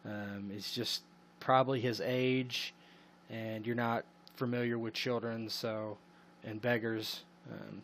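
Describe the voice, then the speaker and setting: A man's voice: medium pitch, a bit bright, a little hiss or hum. Rambling man running a tabletop game. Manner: rambling, full of ums and "you know". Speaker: game master. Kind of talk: narrating a tabletop role-playing game.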